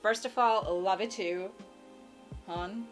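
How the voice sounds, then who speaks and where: A chatty woman from India answers her viewers' questions from home with blunt, playful advice. Her voice sits at an ordinary middle pitch, and faint music plays behind her. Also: fairly even intonation, takes it slowly. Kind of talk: casual advice chat.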